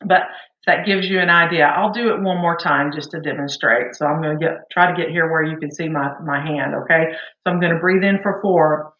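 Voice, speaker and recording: A woman teaching a vocal warm-up lesson, patiently counting beats aloud for her students. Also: sits low, fairly even intonation, fairly quick, muffled recording. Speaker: singing teacher. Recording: echoey room.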